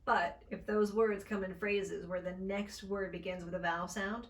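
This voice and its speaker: A woman speech coach giving an accent lesson, with upbeat, encouraging delivery and crisp, deliberate articulation. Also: medium pitch, steady tone, distant mic.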